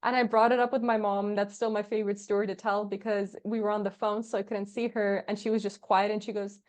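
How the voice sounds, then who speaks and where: A young woman, a podcast guest, chatting casually and telling lively stories, acting out the dialogue and laughing often. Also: medium pitch, quick pace, hardly any pauses. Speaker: podcast guest, agency founder. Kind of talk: casual interview chat.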